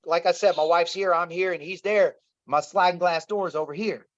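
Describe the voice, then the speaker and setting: A middle-aged man recounts a family crisis in an interview, earnest and circling back over his words. His voice sits on the higher side. The recording sounds muffled and dry. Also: fairly even intonation, fairly quick, no room sound. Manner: earnest, repeats himself, addresses listeners as y'all. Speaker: interview guest. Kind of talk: emotional personal storytelling. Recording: dull, slightly lo-fi dry sound.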